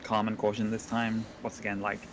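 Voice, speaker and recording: A man's voice: lowish voice, completely flat delivery, a little fast, crowd noise, poor audio. A man playing a tabletop game, describing his character's actions casually with fillers. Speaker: player.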